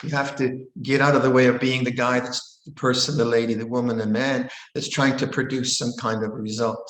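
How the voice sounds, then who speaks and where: Older man, Buddhist monk, calm dharma talk, halting restarts, mid pitch, echoey room. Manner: calm, repetitive phrasing with frequent restarts. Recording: roomy echo.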